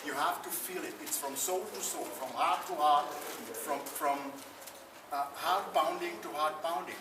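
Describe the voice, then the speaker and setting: A man's voice: a little high, measured pace. A man, an actor on a debate panel, arguing in an impassioned way and repeating phrases for emphasis. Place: conference room at a film festival. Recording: roomy, distant mic, noisy ambience.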